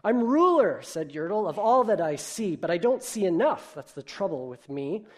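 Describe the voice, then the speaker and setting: A man voicing a boastful, greedy male turtle king in a storybook reading, loud and commanding. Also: high voice, very animated, moderate pace, pitched above the performer's own voice.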